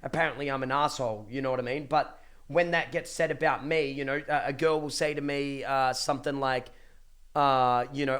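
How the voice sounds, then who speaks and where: A man's voice: medium pitch, steady tone, a little fast, a bit bright. A young man ranting casually to his livestream chat, blunt and profane, with many restarts. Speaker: streamer.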